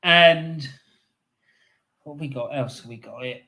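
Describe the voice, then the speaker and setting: A man's voice: a little high, takes it slowly, sharp tone, a little hiss or hum. A man from England hosting a live fan stream, chatting casually as he reads out viewer comments, laughing often and repeating phrases for emphasis.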